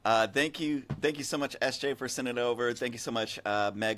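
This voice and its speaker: A man's voice: mid-range voice, fairly even intonation, a bit bright. A man hosting a casual podcast, rambling and joking as he runs through the show. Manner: rambling, jokey, quick asides. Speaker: podcast host. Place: desert region.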